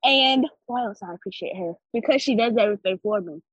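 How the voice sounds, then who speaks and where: A woman's voice: medium pitch, a little fast, slightly rough, no echo, muffled recording. A teenage girl with braces co-hosting a student podcast, upbeat and earnest. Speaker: podcast co-host. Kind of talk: casual chat.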